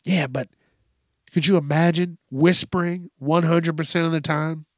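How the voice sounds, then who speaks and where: A man's voice: on the high side, fairly even intonation, moderate pace, no room sound, studio quality. A man hosting a casual solo podcast, talking loosely, swearing and drifting between topics with frequent restarts. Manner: frequent restarts and repeated words. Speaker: podcast host.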